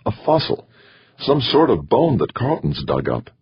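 A man reading an audiobook, voicing an excitable male scientist breathless over a discovery. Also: medium pitch, unhurried, vocal fry, slightly rough, dull audio, voice pushed up, exaggerated voice. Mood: excited. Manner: urgent, excitable.

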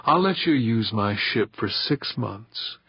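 A teasing, seductive woman murmurs close and soft, as a male narrator puts her on in an audiobook. Her words come slow and breathy, with a husky edge. The recording sounds a little dull and dry. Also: on the low side, no echo. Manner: soft, murmured, partly whispered. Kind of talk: audiobook character voice.

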